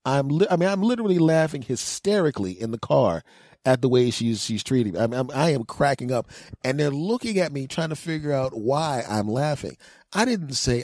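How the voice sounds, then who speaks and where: A man in his forties telling a comic story on his podcast, animated and jumping into other people's voices. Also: brisk, no room sound, studio quality. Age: 40s. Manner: animated, mimics other people's voices with big pitch jumps. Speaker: podcast host. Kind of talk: comedic storytelling monologue.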